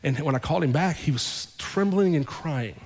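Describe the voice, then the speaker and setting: A male pastor telling a story in a sermon, acting out both sides of the conversations with lively shifts in his voice. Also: on the high side, moderate pace, slightly rough. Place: church sanctuary. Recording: long hall reverb.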